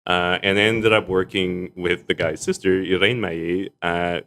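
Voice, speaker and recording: Low-voiced young guy chatting on a podcast, lively storyteller, laughs a lot. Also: moderate pace. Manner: animated, laughs often while telling stories. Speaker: arts executive director and stage actor, podcast guest. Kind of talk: casual storytelling in a podcast chat.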